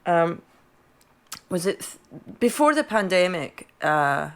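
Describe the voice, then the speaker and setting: A Scottish woman with a fairly low voice chats on a podcast over a video call. She tells stories in a loose, conversational way and keeps checking in with her listeners. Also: sing-song, takes it slowly, a bit bright, smooth. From Scotland. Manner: chatty, storytelling, tags lines with "right?". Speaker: podcast co-host. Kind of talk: casual chat.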